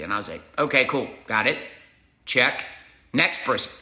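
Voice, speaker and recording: Forceful, intense man ranting in a roomy space. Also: medium pitch, lively intonation, normal speed. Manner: intense, combative, swearing often; punchy emphatic delivery with short repeated phrases. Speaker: host. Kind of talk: motivational monologue.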